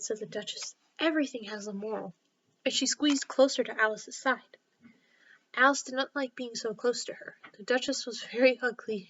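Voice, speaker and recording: A woman storyteller narrating a classic children's book in a gentle, steady read-aloud style. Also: on the high side, lo-fi sound.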